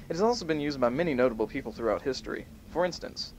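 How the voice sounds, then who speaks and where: A man hosting an amateur home-made show, reading a list aloud in a mock-serious way and punching the quoted bits loudly. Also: medium pitch, moderate pace. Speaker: host. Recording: muffled home tape with faint hiss.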